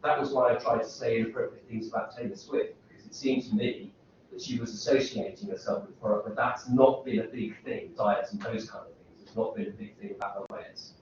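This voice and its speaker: This university lecturer speaks in a steady, mid-range voice that's a little mellow and a little fast. He rambles, interrupts himself, and keeps posing rhetorical questions to students, captured from far off in an echoey, dull-sounding hall with slight hiss or hum.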